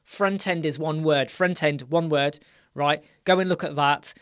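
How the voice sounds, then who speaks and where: A man's voice: a little high, fairly even intonation, measured pace, fairly bright tone, smooth. Tired British man hosting a rambling live Q&A. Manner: rambling, self-correcting, asks "right?" often. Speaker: livestream host. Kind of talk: live Q&A stream.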